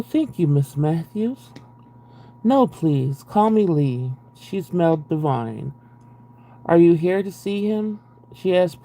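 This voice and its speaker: His voice is fairly high, gravelly, and warm as this young man reads a book aloud on a live stream. Passages are broken up by his profane, sarcastic, exasperated remarks.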